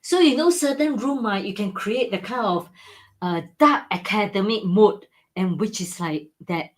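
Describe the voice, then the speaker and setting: Selling antiques in a live-stream chat, a woman speaks with an expressive, mid-range voice at an unhurried pace. She sounds enthusiastic, repeatedly tacks on "okay?" and "right?", and her grammar is non-native.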